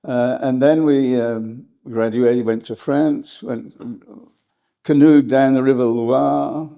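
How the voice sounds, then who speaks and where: An older English historian reminiscing in an interview, rambling and hesitant, with frequent laughs. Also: male voice, medium pitch, fairly even intonation, takes it slowly, creaky, highs cut off. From England. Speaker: historian guest.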